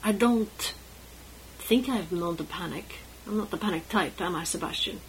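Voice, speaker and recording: A woman's voice: fairly low pitch, normal speed, slight background noise, natural voice, low-quality recording. A woman voicing a proud, guarded young prince with a cool, mocking, clipped manner.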